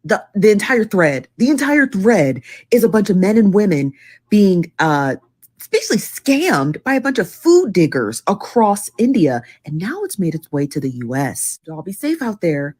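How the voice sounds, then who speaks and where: A woman telling a story in a social media clip, animated and talking straight to her viewers. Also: mid-range voice, moderate pace, breathy edge.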